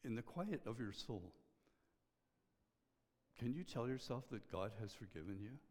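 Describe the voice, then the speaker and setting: A middle-aged man, a pastor, preaching a sermon in an earnest, measured way, often dropping to a soft hush. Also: mid-range voice, lively intonation. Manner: earnest, pausing, drops to a soft hush on key lines. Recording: long hall reverb.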